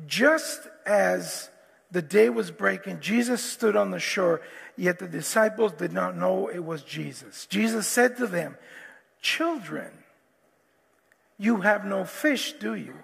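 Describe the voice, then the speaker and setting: Gravelly high-voiced male pastor in a hall. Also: a little slow. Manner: animated, repetitive restarts, acts out quotes. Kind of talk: sermon. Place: church hall. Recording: long hall reverb, faint guitar.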